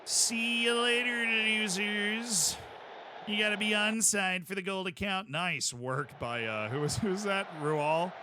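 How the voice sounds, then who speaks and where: A man streaming a football management game, chatting and excitedly calling the plays as they happen. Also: high-pitched, moderate pace, hardly any pauses, noisy background. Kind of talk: live game commentary.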